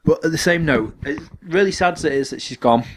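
A man's voice: on the high side, a little fast, slight background noise. A man co-hosting a casual podcast chat, making blunt, sarcastic remarks. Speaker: podcast co-host.

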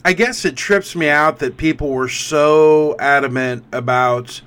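A man co-hosts a casual chat in a slightly high voice. He repeats and restarts his words as he works through his thoughts. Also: a little slow, a bit bright, smooth. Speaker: podcast co-host.

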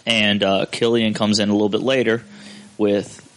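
A young man hosting a podcast, telling a story in a relaxed, profane way. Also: on the low side, moderate pace, poor audio. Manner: profane, laid-back storyteller. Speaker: podcast host. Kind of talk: casual storytelling chat.

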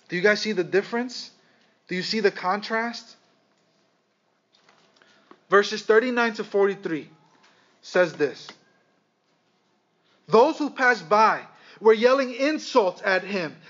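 A man preaching a sermon, speaking with dramatic pauses and calling his listeners "guys". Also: high voice, fairly bright tone. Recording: slightly dull lo-fi sound.

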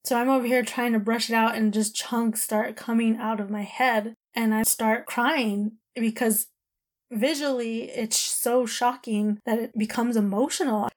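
A woman's voice: fairly high pitch, fairly even intonation, unhurried. A woman in her thirties telling a personal story in a candid, emotional, rambling way, full of "like" and "you know".

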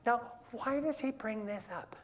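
A preacher teaching through a Bible passage in a relaxed, conversational way, paraphrasing scripture in everyday words and putting questions to the listeners. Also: medium pitch, normal speed. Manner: animated, asks the audience questions.

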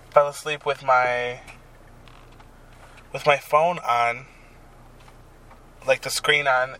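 Slow-talking young man, bright voice. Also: medium pitch. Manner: crude, rambling, profane storytelling. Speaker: podcast host. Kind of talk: casual solo podcast chat. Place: parked car.

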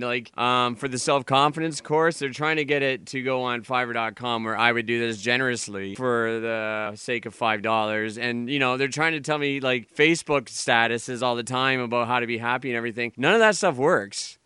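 A man's voice: mid-range voice, pushed and bright, clean tone, no room sound, studio quality. Brash profane radio host man. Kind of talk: comedic radio host sketch. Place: radio studio.

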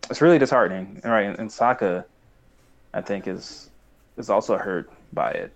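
Young male co-host, low-pitched, rambling and animated. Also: fairly quick. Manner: rambling, animated, acts out quoted lines. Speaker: podcast co-host. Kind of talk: casual chat recapping a cartoon.

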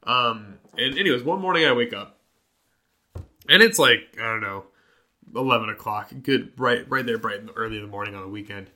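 A young man telling a story in casual chat, animated and full of fillers. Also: fairly low pitch, normal speed.

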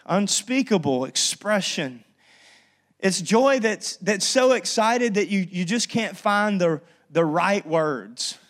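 A man's voice: sits high, expressive, slow pace, fairly bright tone. A young man, a pastor, preaching a sermon and telling a personal story with lots of energy, often restarting his sentences.

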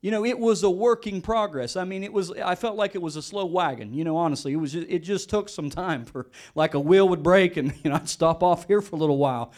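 High-voiced earnest male pastor preaching. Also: fast, few pauses. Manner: repeats words and restarts, earnest and animated. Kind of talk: sermon.

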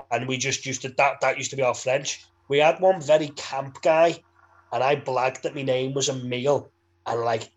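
A man's voice: medium pitch, moderate pace, poor audio. A young man with a Liverpool accent, co-hosting a podcast in casual, laddish banter, swearing and laughing freely. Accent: Liverpool English. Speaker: podcast co-host.

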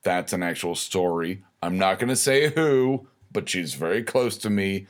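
A man's voice: sits low, expressive, normal speed. A man hosting a comedic rant monologue, sarcastic, profane and rambling. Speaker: host of a weekly rant segment.

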